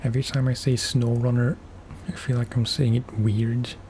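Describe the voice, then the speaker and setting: A man streaming a game for relaxation, talking softly in unhurried, musing asides. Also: mid-range voice, little pitch movement, a little hiss or hum. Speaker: gaming ASMR streamer. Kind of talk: soft-spoken gameplay commentary.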